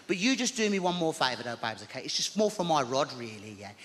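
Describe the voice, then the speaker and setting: A woman's voice: low-pitched, sing-song, quick pace, fairly bright tone, pitched below the performer's own voice. A man doing a chatty Brummie lady neighbour. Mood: coaxing. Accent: Birmingham. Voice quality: sing-song, calls him babes. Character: older female neighbour, chatty, gossipy, nosy. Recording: stage mic in large hall.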